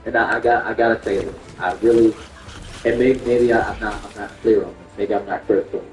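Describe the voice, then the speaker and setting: A man's voice: lowish voice, fairly even intonation, fairly quick. A man streaming live, ranting in outrage and repeating himself as he reacts. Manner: indignant, repetitive, ranting. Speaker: game streamer. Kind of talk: livestream reaction rant. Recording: echoey room with faint music.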